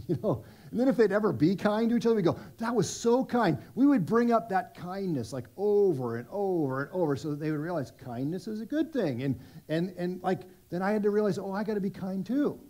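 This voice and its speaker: High-voiced man preaching casually. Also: lively intonation, fairly quick, warm tone. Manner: conversational and self-deprecating, many restarts. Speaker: pastor. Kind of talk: sermon. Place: church service.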